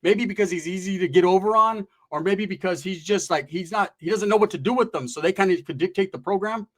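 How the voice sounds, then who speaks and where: High-voiced man telling a slangy comic story. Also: fast. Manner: slangy, profane, loose asides. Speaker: stand-up storyteller. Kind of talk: comedic storytelling.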